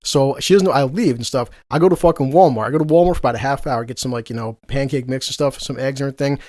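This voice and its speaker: A man's voice: mid-range voice, very fast, a little mellow, no echo, studio quality. A man in his forties hosting a podcast in casual chat, swearing a lot and laughing through rambling stories. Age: 40s. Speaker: podcast host.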